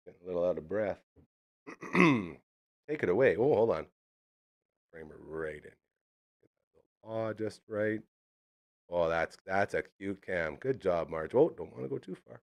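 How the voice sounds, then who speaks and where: A man's voice: on the low side, creaky, a little mellow. A man hosting a live streamed show, rambling and jokey in casual chat. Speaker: host.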